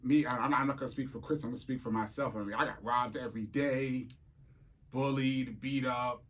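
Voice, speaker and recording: A middle-aged man, a guest in a casual interview who tells stories in a lively way and acts out the voices in them. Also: medium pitch, a little fast. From New York City. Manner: animated, acts out quotes and voices in his stories.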